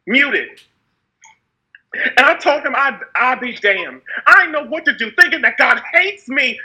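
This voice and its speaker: Brief: woman delivering a passionate spoken testimony, very high-pitched, intense, phrases repeated for emphasis. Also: pushed and bright, poor audio. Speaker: speaker sharing her story. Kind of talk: personal testimony monologue.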